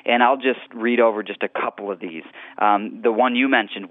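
Radio guest author, thirties, low-voiced and earnest, heard over a phone line. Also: male voice, fairly even intonation, normal speed, dry recording. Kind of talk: radio interview talk.

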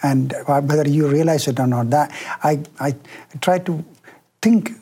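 A man interviewing a guest speaks hesitantly, searching for his words and often restarting. His voice is mellow and husky, with a soft, breathy grain. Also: a little high, normal speed. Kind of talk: conversational interview.

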